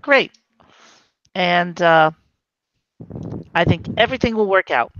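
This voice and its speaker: A woman's voice: lowish voice, lively intonation, takes it slowly, a bit bright, dull audio, a little hiss or hum. A woman playing a tabletop game, upbeat and encouraging. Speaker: player.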